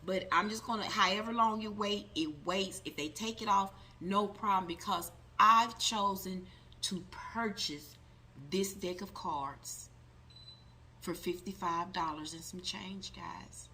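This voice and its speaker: A woman who runs a tarot channel gives a casual to-camera review of a deck she bought, emphatically going over her points again and again and addressing viewers as "guys." Her medium-pitched voice is bright and forceful at a measured pace, with slight background noise.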